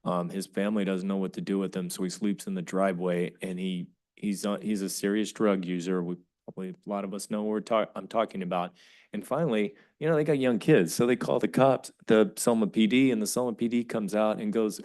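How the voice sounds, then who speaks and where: A man's voice: on the low side, brisk. Emphatic man debating at a council meeting. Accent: Californian English. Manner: forceful, emphatic, frequent restarts. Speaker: city council member chairing the meeting.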